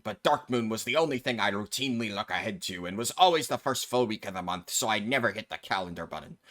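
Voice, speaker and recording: Man doing a gruff pirate voice, low and growly, grumbling drawl, game-video bit. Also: pushed and bright. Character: gruff grumbling male pirate reading a post.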